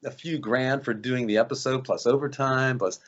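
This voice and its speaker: Lively storytelling man, lo-fi sound. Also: medium pitch, moderate pace. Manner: animated, acts out quoted voices. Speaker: actor guest. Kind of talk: casual storytelling interview.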